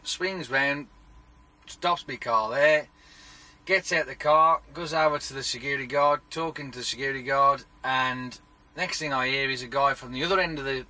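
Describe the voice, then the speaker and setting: A man, telling a sweary, animated story in a casual vlog rant. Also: medium pitch, husky. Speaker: vlogger.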